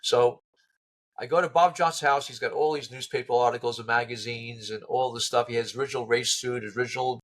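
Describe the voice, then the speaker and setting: A man being interviewed as a guest, telling a long anecdote in a lively way and acting out the people he quotes. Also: medium pitch, fast, low-quality recording. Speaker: interview guest, car restorer. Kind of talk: animated storytelling anecdote.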